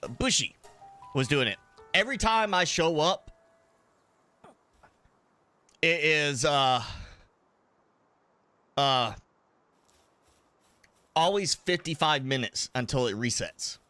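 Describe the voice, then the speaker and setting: A man streams a game live, rambling casually while he eats spicy food and coughs now and then. His slightly high voice is animated but slow, with long pauses, and sounds pushed and bright. The recording is dry, with faint music behind.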